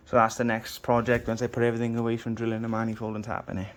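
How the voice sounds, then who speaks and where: A man's voice: medium pitch, monotone, racing, very noisy. A man walks viewers through his engine work in a home garage, talking in an easygoing, down-to-earth way with the occasional swear word. His voice stays fairly level, with little rise and fall as he explains each step. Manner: chatty, down-to-earth, casual swearing. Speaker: home mechanic vlogger. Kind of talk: casual workshop walkthrough.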